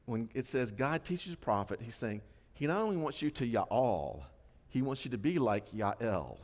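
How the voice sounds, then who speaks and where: Middle-aged guy preaching, chatty and animated, long echo from a church hall. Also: mid-range voice, moderate pace. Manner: animated storytelling, acts out quoted voices. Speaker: pastor. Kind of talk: sermon.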